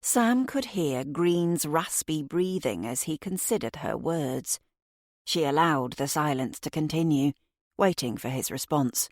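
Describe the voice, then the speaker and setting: A woman narrating a mystery audiobook in a steady, even way. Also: deep voice, unhurried, no echo, studio quality.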